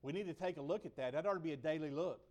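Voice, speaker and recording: A man preaching a sermon in a conversational way, building to loud emphatic peaks and then dropping low and slow.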